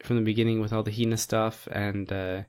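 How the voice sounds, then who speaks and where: A man's voice: on the low side, level tone, fairly quick, darkish tone, clear, resonant tone. A man co-hosting a podcast in casual chat, rambling with many fillers and frequent laughs. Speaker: podcast co-host.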